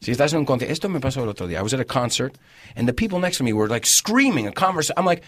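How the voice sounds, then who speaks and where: Male radio host, mid-pitched and very lively, playful studio talk. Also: rapid-fire. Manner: animated and jokey, acts out quoted phrases. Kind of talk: lively studio talk show, teaching everyday phrases.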